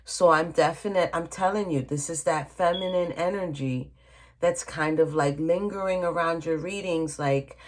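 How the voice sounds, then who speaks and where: A woman with a notably low voice talks her way through a tarot reading at a table. She speaks casually and directly to the listener, often checking in with "okay?" and calling them "honey". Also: moderate pace. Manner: chatty, addresses viewer directly, frequent "okay?" and "honey". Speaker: tarot reader.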